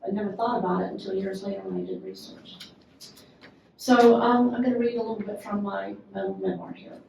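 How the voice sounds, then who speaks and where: An older woman with a Southern US accent, an author and librarian who chats a little with many ums before reading her memoir in a steady, measured way. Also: mid-range voice, creaky, a little hiss or hum. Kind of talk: casual introduction, then reading her memoir aloud. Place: event room at a literary festival. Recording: echoey hall, voice from far off, faint ambience.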